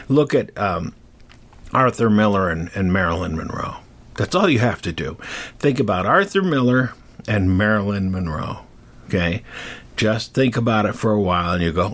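Husky older man telling a rambling story. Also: lowish voice, moderate pace. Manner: rambling, digressive, animated. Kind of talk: casual storytelling.

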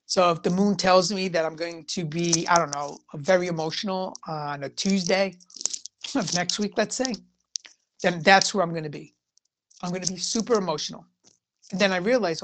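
A woman's voice: fairly low pitch, normal speed, noisy background. A woman giving a casual, rambling spiritual talk about tarot readings, full of "you know" fillers. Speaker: tarot reader.

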